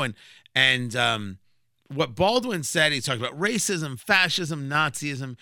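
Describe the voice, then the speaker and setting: A man's voice: mid-range voice, animated, moderate pace, pushed and bright, no room sound, studio quality. A man hosting a political radio show, giving combative, emphatic commentary with sarcastic asides.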